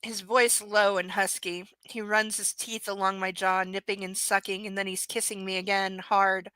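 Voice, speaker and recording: A woman's voice: medium pitch, little pitch movement, moderate pace, sharp tone, smooth, dry recording, poor audio. Sarcastic woman reading a romance aloud. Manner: sarcastic, mocking asides. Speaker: live-stream book reader. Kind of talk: reading a novel aloud with commentary.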